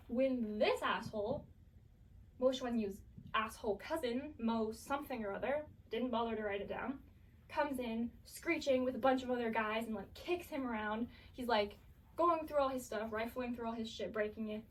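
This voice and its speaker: A woman's voice: fairly high pitch, normal speed, far from the mic, poor audio. A woman recapping a drama series in a chaotic, profane, casual way, full of fillers.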